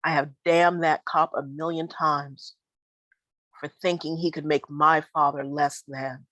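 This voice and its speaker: A woman's voice: deep voice, little pitch movement, a little slow, fairly bright tone, no echo, rough recording. A woman performing spoken word poetry live, with a rhythmic, emphatic delivery and weary repeated refrains.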